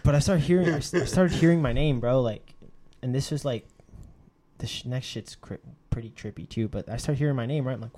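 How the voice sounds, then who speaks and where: A young man casually telling a story, swearing a lot and acting out the quotes of others with sudden jumps in his voice. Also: quick pace. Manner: animated, profane, acts out quotes with sudden pitch jumps.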